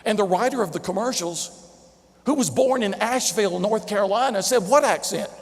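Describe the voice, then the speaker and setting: High-voiced Southern man in a reverberant hall. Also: brisk. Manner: animated, chuckles at his own stories. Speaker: motivational keynote speaker. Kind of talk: storytelling keynote speech. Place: large convention center hall before a big audience. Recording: long reverb of a big convention hall.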